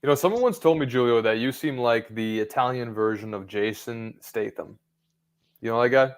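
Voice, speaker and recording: A man's voice: medium pitch, moderate pace. A male host in a casual chat, teasing his co-host and setting playful challenges.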